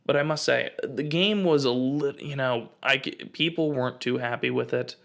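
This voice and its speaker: A man in his twenties with a gravelly, fry-edged voice at a middling pitch. He hosts a casual comedic rant and rambles through his anecdotes with lots of fillers. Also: moderate pace, a bit bright. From United States. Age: 20s. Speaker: host.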